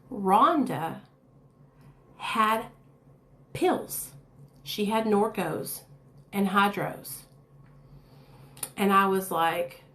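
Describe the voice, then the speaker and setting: A woman's voice: medium pitch, fairly bright tone. A woman telling her own story to her viewers in a candid, blunt, chatty way. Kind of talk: casual storytelling to camera. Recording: echoey room.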